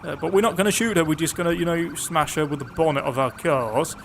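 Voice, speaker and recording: Guy, gameplay commentary, sarcastic, fairly high voice, faint background hiss. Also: fast, vocal fry. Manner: chatty, sarcastic, excitable outbursts. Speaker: gaming YouTuber.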